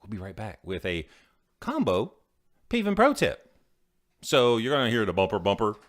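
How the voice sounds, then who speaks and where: A man's voice: lowish voice, wildly swooping pitch, normal speed. A man co-hosting a casual podcast, joking and playful, with mock announcer flourishes. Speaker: podcast co-host. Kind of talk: casual chat. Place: home podcast studio.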